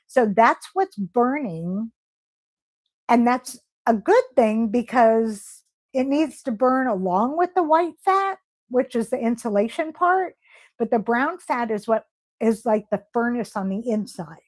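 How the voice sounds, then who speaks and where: Slow-talking, effusive woman hosting a live stream. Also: on the high side, animated. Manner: effusive, reads viewer comments aloud and answers them; emotional, gushing with praise. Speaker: livestream host. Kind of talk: casual live-stream chat.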